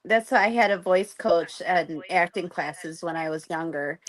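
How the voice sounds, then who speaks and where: A woman's voice: on the low side, moderate pace, low-quality recording. A woman in her forties with a soothing, girlish voice, chatting giggly and agreeable over a video call. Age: 40s. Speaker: festival moderator and interviewer. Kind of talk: casual livestream chat.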